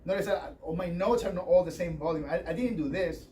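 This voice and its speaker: Recorded from a distance with faint background noise, this guitar workshop features a man with a high, warm voice speaking fairly quickly. He wanders through the lesson in a chatty, filler-heavy way and stops to demonstrate on the instrument.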